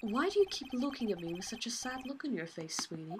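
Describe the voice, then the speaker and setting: A woman's voice: on the high side, big pitch swings, fast, very noisy. A woman voicing a vain, flamboyant male circus magician in an amateur game reading, drawling and theatrical. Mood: haughty. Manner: theatrical, drawling, calls people sweetie.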